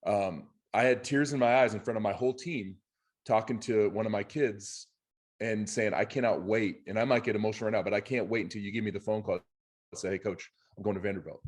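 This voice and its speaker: A man with a fairly low voice co-hosts a casual podcast about coaching. He speaks earnestly and from the heart about the kids he coaches, sounding sincere rather than polished. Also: fairly even intonation, brisk. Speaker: podcast co-host and youth and high school coach.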